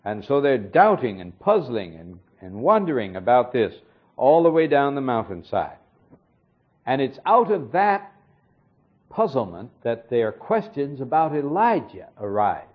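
A man gives a verse-by-verse sermon, calm and explanatory, now and then pausing on a filler. His voice is husky, and his pitch moves a lot through each sentence. The recording sounds dull and lo-fi. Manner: measured, explanatory, with occasional fillers. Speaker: Bible teacher. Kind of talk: expository sermon.

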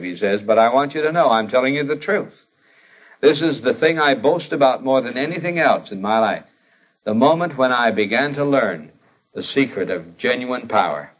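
A man preaching an expository sermon in an earnest, conversational way, rising to emphatic lines when he quotes scripture. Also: mid-range voice. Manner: conversational with fillers and restarts.

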